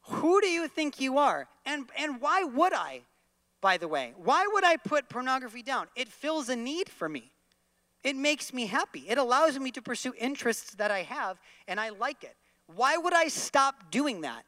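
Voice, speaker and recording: Preacher guy doing a huffy shopper dude firing back, bright and sharp. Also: very high-pitched, very animated, normal speed, no echo, pitched above the performer's own voice, exaggerated voice. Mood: indignant. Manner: defiant, incredulous retorts. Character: indignant adult male shopper, defensive.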